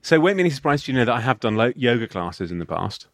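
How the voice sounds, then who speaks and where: Laughing, animated man in casual chat. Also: medium pitch, racing, no echo, studio quality. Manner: rambling, laughs often, breaks into silly voices. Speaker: podcast co-host.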